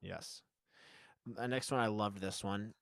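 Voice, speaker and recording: A man's voice: on the low side, fairly even intonation, slow, creaky, no echo. Joking man on a dry mic. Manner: joking, sarcastic, laughs often. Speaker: podcast co-host. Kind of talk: casual chat, reading comments aloud.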